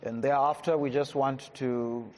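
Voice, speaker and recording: A woman preaching a sermon phrase by phrase, reading scripture slowly and emphatically and pausing for her interpreter. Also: a bass voice, steady tone, mellow. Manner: slow, emphatic scripture reading with pauses for translation. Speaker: visiting preacher. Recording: reverberant hall.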